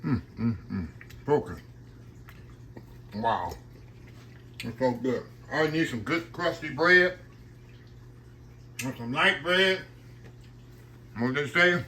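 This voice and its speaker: A man chats his way through a home cooking vlog in a bright, forceful voice. He is folksy and keeps saying "y'all" while he tastes his food. A faint clatter of dishes sits behind him in the home kitchen. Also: medium pitch, expressive, slow pace, long pauses, a little hiss or hum. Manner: savoring food on camera, sometimes with mouth full. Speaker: cooking channel host.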